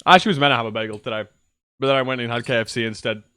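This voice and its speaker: A man's voice: mid-range voice, fairly even intonation, racing, sharp tone, clean tone, dry recording. A young man rambling casually to his viewers on a livestream from his computer, swearing now and then. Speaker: streamer. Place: at home at a PC.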